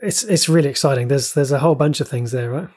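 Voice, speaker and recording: A man co-hosting a pop-culture podcast, talking earnestly with halting repeats. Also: medium pitch, darkish tone, husky. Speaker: podcast co-host. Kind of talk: casual pop-culture chat.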